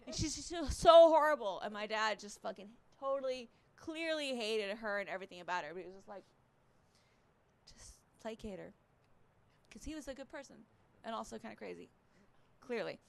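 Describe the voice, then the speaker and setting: A woman's voice: on the high side, expressive, brisk, vocal fry. A woman from Alabama, doing a rambling, profane stand-up set. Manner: rambling, profane, self-mocking. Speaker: stand-up comedian. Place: resort stage, in front of a live audience.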